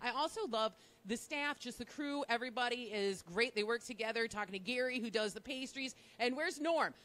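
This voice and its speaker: A woman's voice: fairly high pitch, brisk, a bit bright. A woman radio host presenting a live on-location segment from a bakery, upbeat and teasing her co-host.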